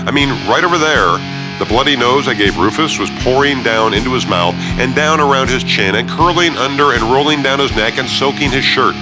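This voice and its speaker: A man narrating a first-person story, sardonic and profane, swinging between hushed reflection and heated rants. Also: mid-range voice. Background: loud guitar music.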